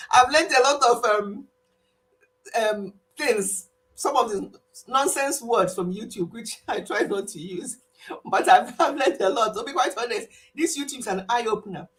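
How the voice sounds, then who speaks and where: A woman's voice: high-pitched, moderate pace. Older lady chatting on a live stream, laughs a lot, does little voices when she quotes people. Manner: animated, laughs often, quotes others in voices. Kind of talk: casual chat to live-stream viewers.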